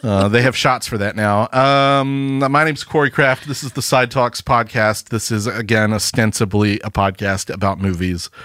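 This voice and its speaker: A man's voice: lowish voice, steady tone, moderate pace, few pauses, fairly bright tone, no room sound. A man co-hosting a casual podcast, chatting with dry, sarcastic quips. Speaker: podcast co-host. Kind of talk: casual chat.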